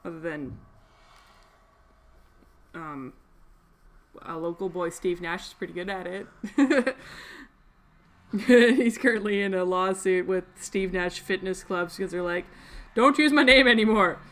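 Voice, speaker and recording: A woman's voice: lowish voice, slow pace, long pauses. Chatty young Canadian woman crafting. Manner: chatty, rambling, laughs often. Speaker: crafting livestream host. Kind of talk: casual chat while sewing.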